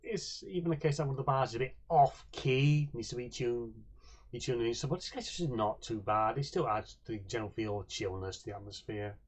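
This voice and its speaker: A man's voice: medium pitch, brisk, breathy edge. A man narrating as game master of a tabletop role-play, with frequent hesitant restarts.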